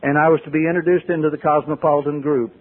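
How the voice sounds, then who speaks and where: Husky man on tinny tape. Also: a little high, level tone, fast. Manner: folksy, dramatic swings from loud to hushed. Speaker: recovery meeting speaker. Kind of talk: personal storytelling talk. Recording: tinny phone-like old tape.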